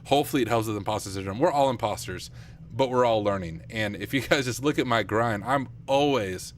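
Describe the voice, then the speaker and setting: A young man streaming live at night and thinking aloud as he works, chatty and self-deprecating with viewers, his voice getting rough. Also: lowish voice, fairly quick, slight background noise. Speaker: streamer, penetration tester. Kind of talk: casual live-stream talk while working. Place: home computer room at night.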